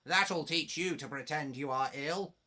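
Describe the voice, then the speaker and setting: A man's voice: fairly high pitch, a little slow, bright, forceful tone. A man voicing a stern, scolding railway controller in a children's storybook reading.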